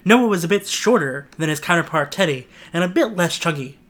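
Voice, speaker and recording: Casting: man, casual podcast co-host reading aloud, bright voice. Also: on the high side, animated, a little fast. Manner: rambling, self-mocking. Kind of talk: casual chat and amateur story reading.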